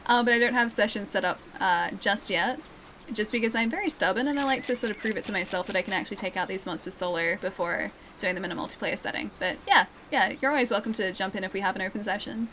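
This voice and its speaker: Playing a game on stream with its music in the background, a woman with an Australian accent chats casually and teases and coaxes the monsters. Her medium-pitched voice is quick and a bit bright; the poor audio carries a little hiss or hum.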